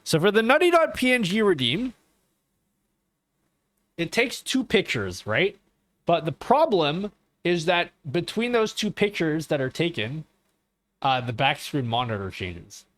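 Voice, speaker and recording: A livestreamer chats casually, a man whose voice is a little high, with big pitch swings, an unhurried pace and long pauses. He rambles, swears, and keeps asking his viewers "okay?" The sound is a bit bright and dry.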